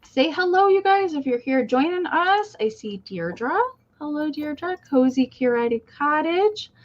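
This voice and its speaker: A woman's voice: high voice, animated, measured pace, lo-fi sound. A woman hosting a live online sale, chatting casually and greeting viewers one by one. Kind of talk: casual livestream chat.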